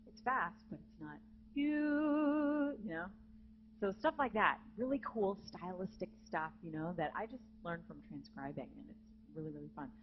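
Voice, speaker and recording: A woman's voice: lowish voice, expressive, fairly quick, few pauses, lo-fi sound, slight background noise. A woman teaching a vocal jazz masterclass, chatty and breaking into short sung phrases. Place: conference hall with live student audience.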